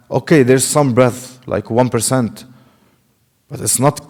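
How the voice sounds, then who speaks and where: A man's voice: mid-range voice, unhurried, a little mellow. A man who speaks Arabic as his first language teaches a tajweed lesson in English, correcting mistakes and repeating sounds to demonstrate them. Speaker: Quran recitation teacher. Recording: long reverb in a large hall.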